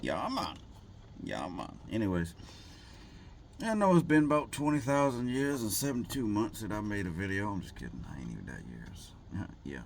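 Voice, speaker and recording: A man's voice: fairly low pitch, huge pitch swings, moderate pace, gravelly, a little hiss or hum. A man vlogging in a rambling, jokey way, full of fillers and asides. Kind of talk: casual rambling vlog talk.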